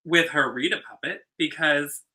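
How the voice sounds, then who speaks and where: A man co-hosting a casual drag show review, recapping with animated, giggly energy. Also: fairly high pitch, normal speed, low-quality recording. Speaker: drag queen co-host. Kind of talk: casual chat.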